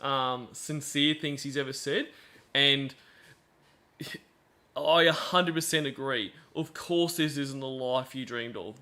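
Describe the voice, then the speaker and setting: A man's voice: a little high, bright, forceful tone. A man hosts a stream and comments on played calls in a sarcastic, chatty way with many fillers. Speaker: stream host.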